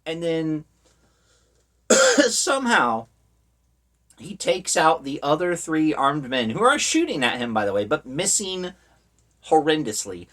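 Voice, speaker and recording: A man's voice: on the high side, very animated, slow, pauses often, a bit bright. A man talks through a film in a casual, off-the-cuff review, retelling the plot in loose, meandering sentences full of fillers. He keeps slipping in wry, sarcastic asides about how little sense it all makes. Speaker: horror movie reviewer. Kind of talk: casual spoken movie review.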